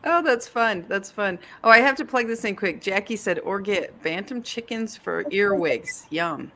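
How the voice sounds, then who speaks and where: A woman's voice: medium pitch, lively intonation, normal speed, a bit bright, slight background noise. A woman hosting a casual livestream chat with a guest, chatty and laughing often. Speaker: host, author.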